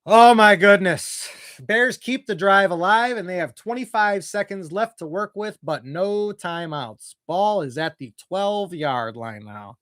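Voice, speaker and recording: A young man calls football as an anxious, excitable fan, his voice leaping whenever a play unfolds. His voice sits slightly high. The sound is dry and close, with little room around it. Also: a little slow, hardly any pauses, dry recording. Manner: nervous, excitable, voice jumps when plays unfold. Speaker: fan commentator.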